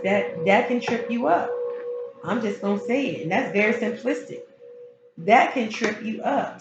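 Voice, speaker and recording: A woman giving a casual spiritual tarot reading, speaking frankly and emphatically and often repeating her key phrases. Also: mid-range voice. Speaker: tarot reader. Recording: roomy, slightly dull sound with music behind. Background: background music.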